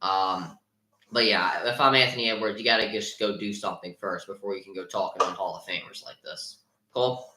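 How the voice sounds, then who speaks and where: Young male podcast host, bright edgy tone, opinionated, roomy echo. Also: deep voice, fairly even intonation, fairly quick, a little hiss or hum. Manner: opinionated, many filler ums and restarts. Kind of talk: casual sports talk.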